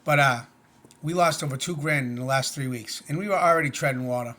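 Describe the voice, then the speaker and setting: A man's voice: mid-range voice, fairly quick, bright, forceful tone. A middle-aged man talking to camera in a casual personal vlog, earnest, plainspoken and rambling. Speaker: vlogger.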